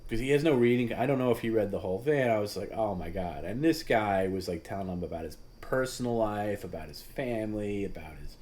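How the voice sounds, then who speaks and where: A man with a somewhat low voice talks casually as the host of a livestream. He rambles and stops to restart his sentences, with plenty of fillers along the way. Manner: rambling, halting with many restarts and fillers, laughs at his own story; voice jumps high and loud when mimicking others.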